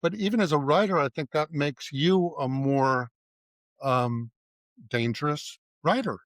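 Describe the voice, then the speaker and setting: In a dry recording, a middle-aged man speaks unhurriedly in a slightly high voice. He's the guest, an advertising writer and creative director, telling anecdotes in a casual interview and acting out dialogue in quotes.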